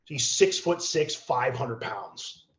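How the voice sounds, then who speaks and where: A man's voice: medium pitch, slow pace. A man telling a story as a podcast guest, casual and profane, acting out the voices of people in his story. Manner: animated, profane, acts out quotes. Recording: roomy, slightly dull podcast audio.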